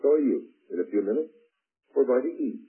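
A man preaching a Sunday sermon, his voice husky and full of lively swings in pitch. He reads scripture slowly and then presses each point with growing emphasis. It comes through a narrow, phone-like old radio broadcast.

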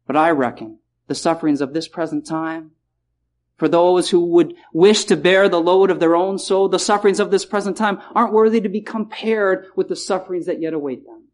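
A man preaching a sermon in a chapel, repeating key phrases and slowing down to stress words. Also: high voice.

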